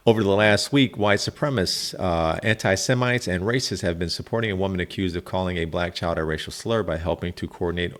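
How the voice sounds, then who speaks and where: A man's voice: low-pitched, fairly quick, hardly any pauses, a bit bright. A man hosting a reaction video, talking in a laid-back, chatty way and peppering his talk with "man". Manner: laid-back, frequent "man", chuckling asides. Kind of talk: casual commentary.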